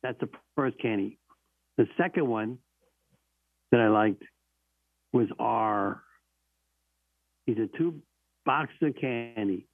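A man's voice: medium pitch, takes it slowly, long pauses, no echo. A man hosting a call-in show, telling stories and running a quiz, with emphatic repetition. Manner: emphatic, repeats key phrases. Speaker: radio call-in host. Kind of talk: casual storytelling and quiz hosting. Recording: narrow phone-like sound, dry.

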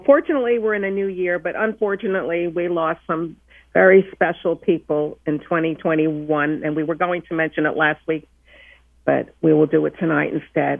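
A woman's voice: fairly low pitch, no room sound, narrow, tinny audio. A woman co-hosting a radio show, chatting with some hesitations. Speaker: co-host and executive producer. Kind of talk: casual radio talk.

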